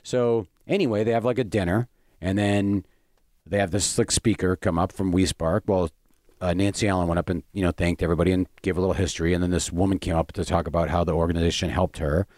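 Low-voiced man rambling through a story. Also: fairly even intonation, fast, darkish tone, dry recording, clean studio sound. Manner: rambling, lots of fillers and restarts. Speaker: stand-up comedian. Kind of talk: casual chat, telling a story.

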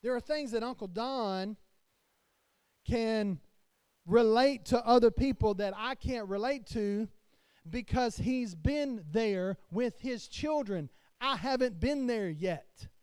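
A man preaches to his congregation in a strikingly high voice. He swells louder and drops softer as he preaches. The sound is dry, with almost no room echo. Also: slow pace, smooth. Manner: preaching to a congregation, rising and falling in loudness. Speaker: pastor. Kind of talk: sermon.

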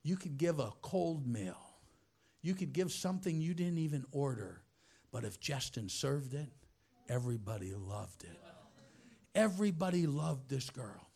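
A man preaching through a personal story, swinging from hushed softness to loud shouting. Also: medium pitch, expressive, unhurried, gravelly, husky. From United States. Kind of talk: storytelling sermon.

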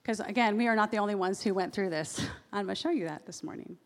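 A woman pastor giving a sermon in a church, lively and acting out the voices she quotes. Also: mid-range voice, fast talker. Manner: animated, acts out quoted voices. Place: church sanctuary. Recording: long reverb of a large hall.

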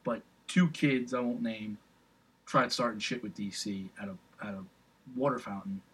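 A man's voice: lowish voice, normal speed, a bit bright, husky, rough recording. A young man telling a rambling, profane story in casual chat, full of fillers and restarts.

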